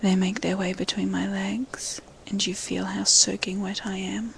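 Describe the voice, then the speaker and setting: A woman in a whispered role-play, telling an intimate first-person story in an unvoiced whisper, hushed and slow. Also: medium pitch, flat delivery, gravelly, a little hiss or hum, low-quality recording.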